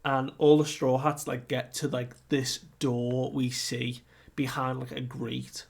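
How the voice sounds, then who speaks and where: A man casually recapping a manga chapter, animated and often laughing, with lots of fillers. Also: medium pitch, takes it slowly, creaky. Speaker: manga reviewer. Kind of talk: casual recap with acted quotes.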